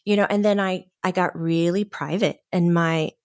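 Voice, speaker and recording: A woman's voice: lowish voice, normal speed, smooth, dry recording, clean studio sound. Laughing, storytelling woman guest. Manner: animated storyteller, laughs often, acts out quoted voices. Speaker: podcast guest, medium. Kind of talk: casual storytelling chat.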